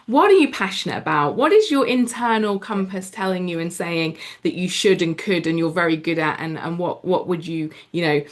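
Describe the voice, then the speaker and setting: A woman hosting an interview, asking long questions in a measured, drawn-out way with some fillers. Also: medium pitch, a bit bright. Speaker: podcast host, interviewer.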